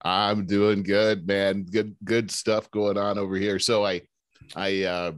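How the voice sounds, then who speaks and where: A man co-hosting a casual chat, an animated storyteller who mimics noises in a high voice. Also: takes it slowly, slight background noise. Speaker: podcast co-host.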